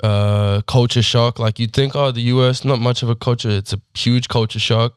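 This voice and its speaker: A young man in his twenties with an Australian accent, gone slightly American, telling stories in a relaxed, casual way as a podcast guest, full of fillers and easy laughs. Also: mid-range voice, normal speed, clear, resonant tone, no room sound, studio quality. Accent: Australian, partly Americanized. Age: 20s. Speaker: guest athlete.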